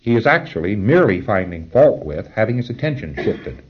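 A man's voice: lowish voice, big pitch swings, brisk, slightly rough, muffled recording. A man giving an informal, rambling spoken lecture in a conversational way. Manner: rambling, conversational, chuckles at his own asides.

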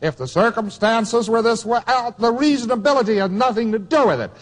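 A man's voice: extremely high pitch, fairly quick, in a large hall. A man giving a taped lecture to students, emphatic and wry, repeating key phrases for weight.

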